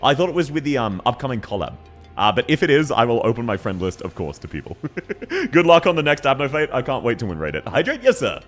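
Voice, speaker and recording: An excitable young Australian man commentating his game stream, his pitch swinging widely as he jokes and yells. Quiet game music hums in the background. His voice sits mid-range. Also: quick pace. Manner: excitable, bursts into shouting. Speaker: gaming streamer.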